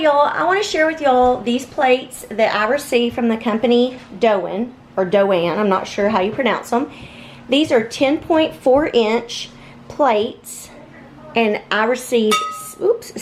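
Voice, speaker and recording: With a little hiss or hum on the recording, a woman with a fairly high voice talks unhurriedly while cooking supper at home. She's a home cooking vlogger, chatty and relaxed, often saying "y'all."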